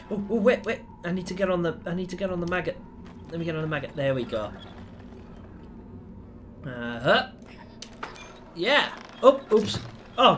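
A man commenting on a horror game as he plays it, excitable and swearing a lot. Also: sits high. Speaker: gaming YouTuber. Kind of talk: let's play commentary.

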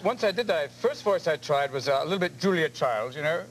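A man chatting as a talk show guest, firing off jokes and slipping into quick impressions. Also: fairly high pitch, lively intonation. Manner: rapid-fire jokes, jumping into impressions. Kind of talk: comic talk-show banter. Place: television studio before an audience. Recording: hissy old VHS broadcast tape.

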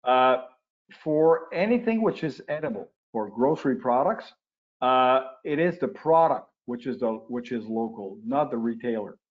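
Older francophone man, expert guest, halting restarts, muffled webinar sound. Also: medium pitch, expressive. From Quebec, Canada. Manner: explanatory, with frequent restarts and uh fillers. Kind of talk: webinar interview answers. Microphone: video call. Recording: lo-fi webinar audio.

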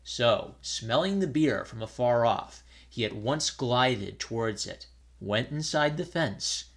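A man reading an old fairy tale aloud in a measured storytelling manner. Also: medium pitch, animated, vocal fry.

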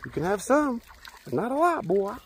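A man's voice: big pitch swings, normal speed. Guy out at the beach with his dog, voice jumps way up when he calls him, faint outdoor hiss. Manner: calls to his dog in high, loud bursts, then drops to low asides. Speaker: vlogger walking his dog. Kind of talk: casual vlog chatter.

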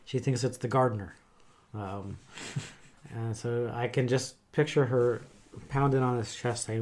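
A middle-aged man who works as a chaplain, talking in a thoughtful, halting way with many pauses and fillers. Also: medium pitch, fairly even intonation, a little mellow. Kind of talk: casual conversation.

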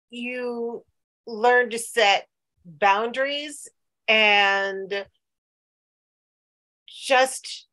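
A woman's voice: fairly high pitch, bright, forceful tone. A woman in a casual chat, speaking thoughtfully and agreeing with others. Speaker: guest.

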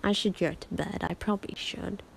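A woman's voice: lowish voice, steady tone, fairly quick, gravelly, a little hiss or hum, rough recording. A woman streamer chatting casually while gaming, rambling and giggly, sleepy late at night. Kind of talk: casual live-stream chat.

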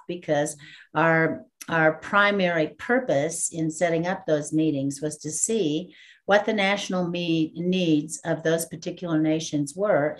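A woman from Texas, a guest minister telling her story in an interview and laughing often. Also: on the low side. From Texas, USA. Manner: lively storyteller who acts out the dialogue and laughs often.

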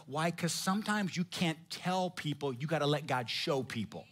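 Energetic, slangy male pastor preaching. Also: a little high, normal speed, hardly any pauses, slightly rough. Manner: energetic, conversational, with slang and humor. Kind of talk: sermon.

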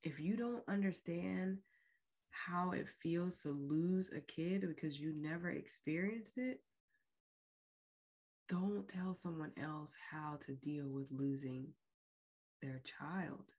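A woman with a low voice speaks slowly and deliberately as she recounts a personal story. Her telling is frank and emotional, with a podcast host's direct address. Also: warm tone. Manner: slow, emotional, frank retelling. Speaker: podcast host.

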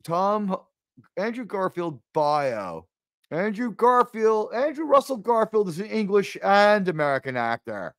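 Host, male, casual live-show chat, excitable and profane, higher voice, dry mic. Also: measured pace, dry recording. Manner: animated, swears often, jumps to high exasperated pitch.

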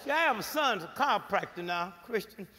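A man's voice: sits high, animated, a little fast. A man giving a comic, rousing speech to a live audience, telling folksy stories and prodding the crowd with rhetorical questions. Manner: folksy storytelling with loud punchlines. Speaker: panel speaker. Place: large auditorium. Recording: echoey hall, faint crowd and noise.

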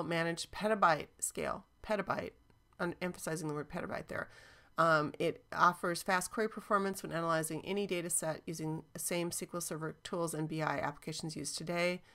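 Woman, slightly low voice, casual tech tutorial narration, upbeat, lots of ums. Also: steady tone, a little fast, bright, forceful tone. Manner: chatty, enthusiastic, frequent ums. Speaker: cloud database instructor. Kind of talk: screen-recorded software walkthrough.

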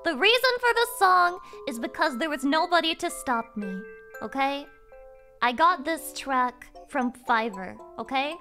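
A woman's voice: high voice, expressive, measured pace, pushed and bright, soft background music. A woman streamer chatting casually to her viewers, playful and swearing, rambling with fillers. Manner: playful, swearing, meowing at chat. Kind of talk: casual live-stream chat.

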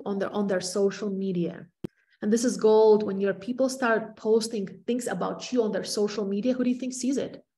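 Woman, middle-aged, non-native English accent, energetic and emphatic, repeats words for stress, training talk, video call mic. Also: mid-range voice. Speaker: real estate agent presenting to peers.

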